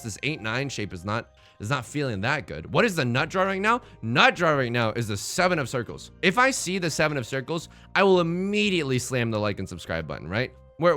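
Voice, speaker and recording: Male let's-play host, bright and animated delivery, jokey meme banter, faint music underneath. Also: medium pitch. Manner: excitable, joking, meme-heavy banter. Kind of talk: live gameplay commentary.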